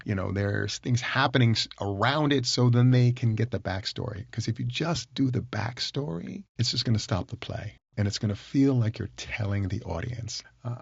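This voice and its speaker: Gravelly, enthusiastic man. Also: on the low side, dry recording, muffled recording. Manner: enthusiastic, emphatic, repeats points. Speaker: podcast host. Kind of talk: solo podcast teaching.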